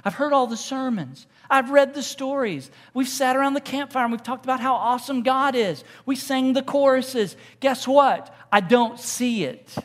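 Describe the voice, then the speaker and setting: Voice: sits high, normal speed, few pauses, pitched above the performer's own voice, close to an everyday voice. A preacher voicing a frightened, doubting young farmer who pleads and questions in disbelief. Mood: exasperated. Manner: incredulous, pleading.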